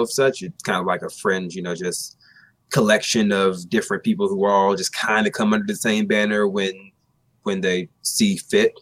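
Guy guest on a stream, lotta ums, lowish voice, dead dry sound. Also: a bit bright, no room sound. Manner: measured, many fillers. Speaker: guest YouTuber. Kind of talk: casual livestream discussion.

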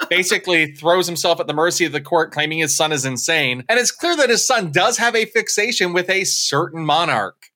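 A man with a bright, slightly high voice tells a story in a relaxed podcast chat. His delivery is wry and loose, and he breaks into laughter often. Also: brisk, few pauses. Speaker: podcast co-host.

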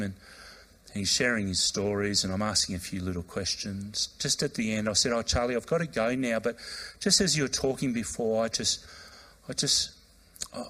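A man, a pastor preaching a sermon, telling a personal story and acting out the voices in it. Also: fairly low pitch. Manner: animated, acts out quoted voices, loud outbursts when retelling.

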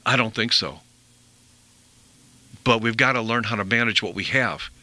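Bright-voiced male radio host, dry studio sound. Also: lowish voice, moderate pace, no room sound. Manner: rambling, earnest, repeats himself. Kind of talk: conversational health talk.

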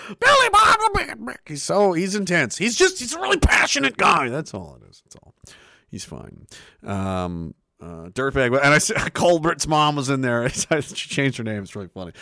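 A man's voice: on the high side, wildly swooping pitch, normal speed, creaky, bright, forceful tone, no echo, clean studio sound. A man in his thirties talking in a loose, profane, rambling monologue, laughing often and restarting his sentences as a host. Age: 30s.

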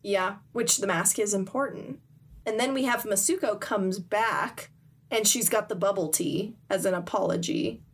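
Woman, casual chat, lively storytelling, pops into character voices. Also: medium pitch, normal speed, breathy edge. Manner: animated retelling, acts out characters' lines. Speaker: podcast co-host recapping a comic.

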